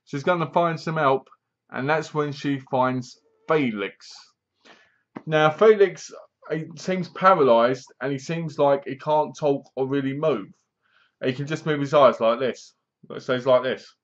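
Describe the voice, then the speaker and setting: A man recapping a horror film's plot in a rambling, casual way, dropping his voice low to quote the characters. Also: a bit bright, muffled recording. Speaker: film reviewer.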